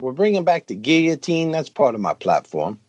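A man on a comedy podcast, holding forth in a pompous, deadpan way on absurd political plans. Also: fairly high pitch, moderate pace, no echo, lo-fi sound. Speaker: podcast co-host playing a blustering colonel.

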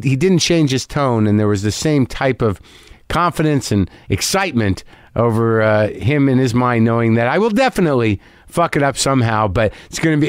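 A man's voice: on the low side, darkish tone, no echo, clean studio sound. A man hosting a podcast in a rambling, profane, self-deprecating monologue. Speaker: podcast host.

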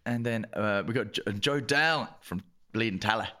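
A man's voice: fairly low pitch, normal speed, pushed and bright. A man co-hosting a comedy podcast in upbeat, casual chat. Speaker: podcast co-host.

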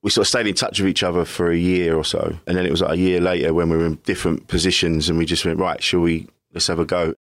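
A middle-aged English comedian talking candidly as a guest, rambling and self-deprecating, often laughing. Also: male voice, low voice, little pitch movement, racing, few pauses, no echo, studio quality. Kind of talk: candid casual chat.

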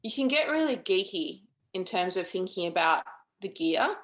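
A woman's voice: lowish voice, sing-song, moderate pace, a bit bright. A woman filmmaker being interviewed, speaking in a thoughtful, earnest and chatty way. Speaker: documentary filmmaker, guest. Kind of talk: interview conversation.

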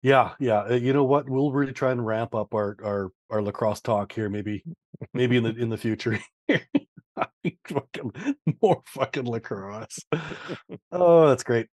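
Guy cohosting a podcast, keeps restarting his sentences, reads comments out loud, mid pitch, super dry close mic. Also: no echo. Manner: halting, many restarts, reads out listener comments, laughs easily. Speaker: podcast co-host. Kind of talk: casual chat.

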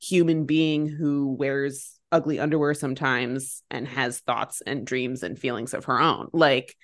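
A woman in her thirties with a low-pitched voice co-hosts a casual podcast. She tells stories with animated energy and acts out other people's lines. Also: a little slow. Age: 30s. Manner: animated storytelling, acting out quotes. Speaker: podcast co-host. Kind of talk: casual chat.

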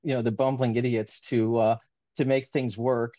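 An author with a middle-pitched, level voice speaks earnestly and at length in a casual interview, circling back on his thoughts with heartfelt warmth. He talks at normal speed, and the dull, lo-fi recording is dry and close.

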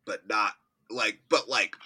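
A man's voice: lowish voice, takes it slowly, sharp tone, husky. A man co-hosting a podcast, chatting casually about movies with wry, jokey asides. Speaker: podcast co-host.

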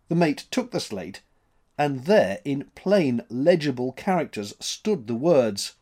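A man reading a story aloud as narrator, in an expressive, dramatic manner. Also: medium pitch, unhurried.

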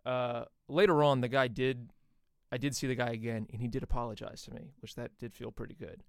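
A man co-hosting a podcast, telling an animated, indignant story with plenty of swearing. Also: medium pitch, fairly quick, creaky, clear, resonant tone, no room sound, studio quality. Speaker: podcast co-host. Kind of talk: casual chat.

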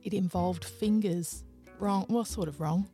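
An Australian woman hosts her podcast in a chatty, playful way, often drifting off on tangents. Her voice sits in an ordinary middle pitch. Soft music plays faintly underneath. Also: a little slow. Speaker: podcast host. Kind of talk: casual chat, thanking patrons.

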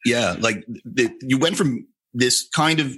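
A man's voice: mid-range voice, a little slow, pushed and bright, husky. A man hosting an interview show, asking chatty, curious questions. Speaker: host.

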